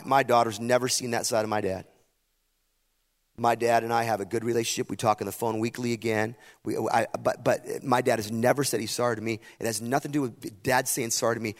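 Gravelly-voiced man preaching in a hall. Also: medium pitch. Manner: storytelling, builds to impassioned emphasis. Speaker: pastor. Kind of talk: sermon. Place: camp meeting hall. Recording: long hall reverb.

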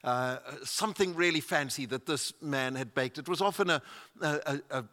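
Male preacher, slightly higher voice, storytelling sermon, long hall reverb. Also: sharp tone. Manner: anecdotal, halting with restarts.

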